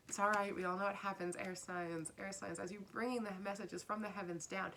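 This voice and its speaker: A woman's voice: medium pitch, fairly even intonation, fairly quick, hardly any pauses, fairly bright tone, a little hiss or hum. A woman giving a casual spiritual tarot reading, earnest and repeating her phrases, sometimes dropping to a whisper. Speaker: tarot reader.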